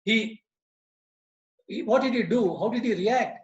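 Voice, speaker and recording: A man's voice: sits high, a little slow, roomy sound, dull audio. A man giving an earnest moral talk full of stories over a video call. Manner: earnest, repetitive storytelling. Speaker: lodge speaker.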